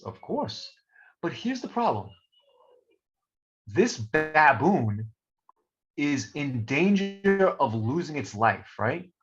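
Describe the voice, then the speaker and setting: A man teaching a live online lecture as a professor, playful and animated, talking to the chat. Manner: animated, playful, talks to chat, swings pitch. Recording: dull lo-fi stream audio.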